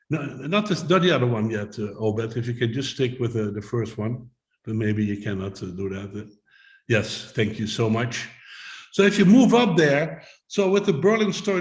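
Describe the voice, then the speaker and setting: A man's voice: on the high side, reverberant, low-quality recording. A man giving a motivational talk to a video call audience, explaining with simple images and rhetorical questions. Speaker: summit speaker.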